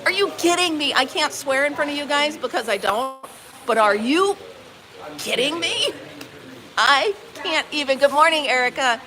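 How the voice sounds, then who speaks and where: Woman host, high voice, exclaiming, chatting live from a busy market barn full of noisy crowd. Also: a little slow. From upstate New York. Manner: animated, exclaiming, acts out quoted dialogue. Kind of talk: casual storytelling to live viewers. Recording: busy crowd noise behind.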